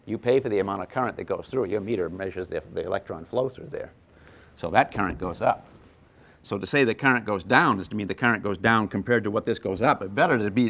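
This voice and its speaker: A man teaching a live physics workshop for teachers, animated and thinking aloud, poking fun at himself when he gets mixed up. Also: on the low side. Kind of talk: live classroom lecture. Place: lecture room with a live audience of teachers.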